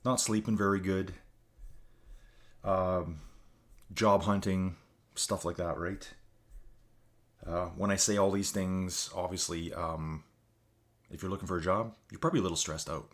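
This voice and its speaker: A tired, low-voiced man runs a livestream, keeping a steady tone while talking a little slowly with long pauses. Rambling and chatty, he addresses his viewers as folks in casual live-stream chat, recorded on a desk mic with adjustable gain.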